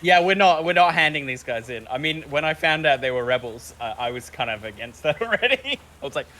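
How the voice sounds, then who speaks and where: A man playing a tabletop game, talking quietly and haltingly in character. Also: fairly high pitch, lively intonation, a little hiss or hum. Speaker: player.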